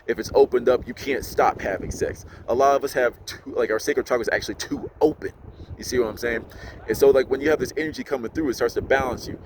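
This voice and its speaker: A man's voice: medium pitch, noisy background. A man casually explaining to camera, rambling and full of fillers. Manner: loose, rambling, heavy with fillers. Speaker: spiritual channel host.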